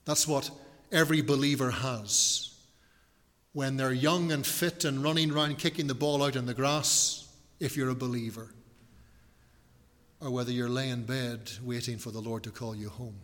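A man's voice: mid-range voice, steady tone, a bit bright, long reverb tail. A male pastor preaching a sermon in an earnest, emphatic way, repeating and stretching key words. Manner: earnest, emphatic preaching with repetition and slowed stresses. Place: church.

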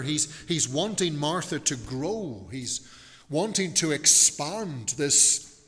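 Male preacher, measured and deliberate, higher-pitched, recorded in a reverberant hall. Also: pushed and bright. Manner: slow and deliberate, with restarts and rhetorical questions. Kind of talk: expository Bible teaching.

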